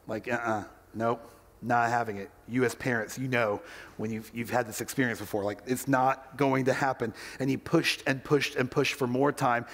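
A man's voice: mid-range voice, long reverb tail. A male pastor giving a sermon and telling a story, acting out the quoted voices as he goes.

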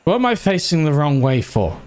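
A young man giving gameplay commentary as a streamer, excitable and swearing at the game as he plays. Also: on the high side, fairly quick, a little hiss or hum.

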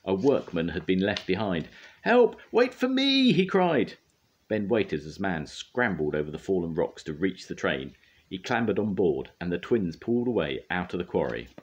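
Older man, grandfather, storybook reading, deep voice, husky, animated pitch. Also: normal speed. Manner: gentle, expressive reading with occasional slips.

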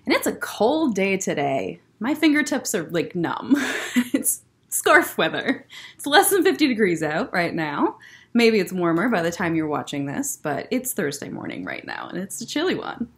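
A woman's voice: medium pitch, normal speed. A young woman, a children's librarian, chatting to young children and reading a picture book aloud at a library story time. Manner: animated, bouncy delivery. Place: in a public library.

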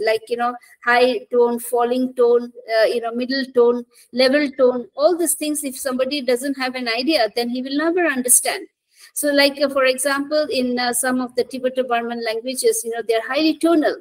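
A woman's voice: high-pitched, low-quality recording. A middle-aged woman with an Indian English accent giving a counselling lecture to students, explaining step by step with many fillers and restarts.

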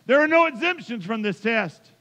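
Emphatic preacher, high bright voice. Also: male voice, lively intonation, normal speed. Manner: emphatic, rising to impassioned build-ups. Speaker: pastor. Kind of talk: sermon. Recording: dull sound in a reverberant church hall.

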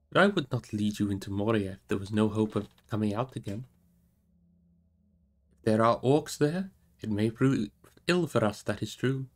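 A man reading aloud voices an old male wizard, solemn and commanding, in measured tones. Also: lowish voice, close to an everyday voice. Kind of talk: audiobook reading.

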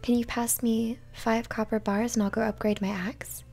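Gravelly soft-spoken ASMR woman. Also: fairly high pitch, little pitch movement, normal speed. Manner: gentle, apologetic, giggly, often whispering. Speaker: ASMR host.

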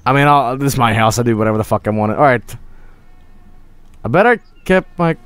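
A man streaming a game, joking loudly, swearing often and hamming up being drunk. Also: steady tone, quick pace, clean tone, no room sound. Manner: plays at being drunk, loud swings of pitch. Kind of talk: let's-play commentary.

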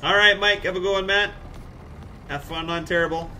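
Bright-voiced man streaming a game. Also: sits high, fairly even intonation, moderate pace, soft background music. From Central Alberta, Canada. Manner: chatty, reads chat aloud, jokey asides. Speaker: game livestreamer. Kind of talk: casual live-stream chat.

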